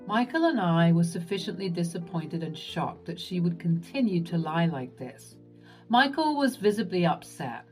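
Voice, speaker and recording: A woman narrating a first-person drama story in an expressive, dramatic storytelling manner. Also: medium pitch.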